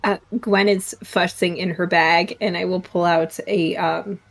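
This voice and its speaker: A woman's voice: on the low side, fairly even intonation, unhurried, gravelly. A woman playing a tabletop game, chatty and hesitant, describing what her character does. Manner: chatty, hesitant, many restarts. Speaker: player.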